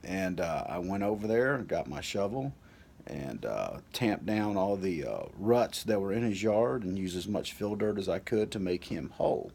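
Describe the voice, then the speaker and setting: A man's voice: low voice, lively intonation, normal speed, creaky, darkish tone. A man telling a personal story in a loose, rambling way, full of "like" and "you know.".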